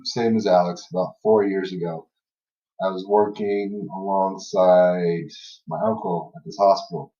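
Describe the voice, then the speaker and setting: A podcast host with a low, dark voice tells funny stories from an old job, laughing between lines and leaning on fillers like "you know." The casual chat is recorded far from the mic in an echoey room, giving a dull lo-fi sound.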